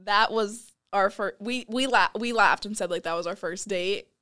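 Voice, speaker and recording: A young woman with a medium-pitched voice recounts a story at normal speed, keeping it casual and lively. She often laughs and acts out the things others said.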